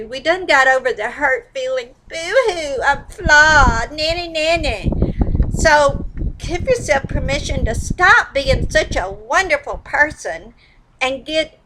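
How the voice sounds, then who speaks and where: Middle-aged woman coaching tapping, slow and emphatic, bright high voice, gets into mock cussing. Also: rough recording. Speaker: psychic and EFT tapping coach. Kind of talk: guided tapping session.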